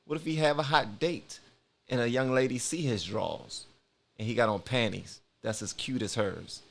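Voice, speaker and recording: A man's voice: medium pitch, normal speed, gravelly. A man hosting a reaction video, chatting in a laid-back, slangy way. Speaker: reaction channel host. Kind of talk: casual reaction commentary.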